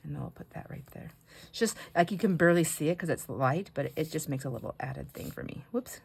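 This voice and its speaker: A middle-aged woman and grandmother chatting casually while she crafts at home. She rambles and often drops into soft, near-whispered asides. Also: low-pitched, sing-song, a little fast, gravelly, slightly rough.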